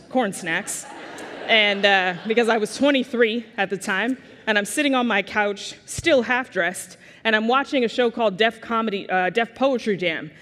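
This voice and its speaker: Animated woman telling stories in a hall. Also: mid-range voice, a little hiss or hum. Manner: animated, self-mocking, comic timing. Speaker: keynote speaker. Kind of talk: humorous personal storytelling speech.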